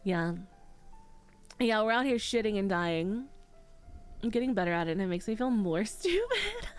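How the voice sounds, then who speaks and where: A woman's voice: medium pitch, very animated, normal speed, smooth, faint music behind. A woman streamer, nose stuffy after crying, chatting casually and reading out her chat, candid and swearing freely.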